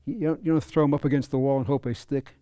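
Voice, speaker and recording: Brief: male fencing coach at a clinic, mellow tone, fairly high voice, halting and repetitive. Dry sound. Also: steady tone, clean tone, dry recording. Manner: halting, repeats words, chuckles. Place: fencing center.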